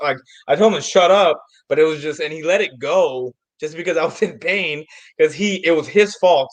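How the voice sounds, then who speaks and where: A man on a sports panel, telling stories in an animated way and swearing freely. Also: on the high side, brisk. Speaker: panel guest. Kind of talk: casual sports talk.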